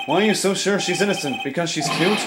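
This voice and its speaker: A man's voice: sits high, fast, background noise, close to an everyday voice. A man voicing a stern, composed prosecutor who speaks formally. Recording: loud game music behind.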